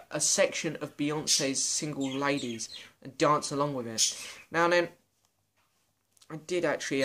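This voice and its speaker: A man's voice: fairly high pitch, a bit bright, a little hiss or hum. A young British man answering viewer questions in a casual, self-mocking vlog. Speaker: vlogger. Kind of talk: casual Q and A chat.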